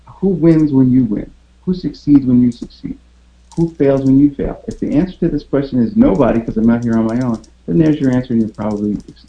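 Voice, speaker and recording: A man's voice: mid-range voice, warm tone. Guy hosting a motivation talk, emphatic, lots of rhetorical questions, a bit muffled lo-fi sound. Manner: emphatic, fires rhetorical questions, stammers repeated words. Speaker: podcast host.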